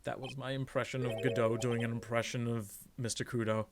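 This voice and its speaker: A man's voice: medium pitch, level tone, fairly quick. A man streaming a game, making joking, crude asides. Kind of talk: let's play commentary. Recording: game music behind the voice.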